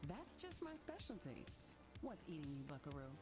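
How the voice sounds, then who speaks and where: An actress playing a seasoned older woman bartender who teases kindly and talks with wry warmth, over game music. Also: low voice, huge pitch swings, moderate pace. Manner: wry, motherly teasing.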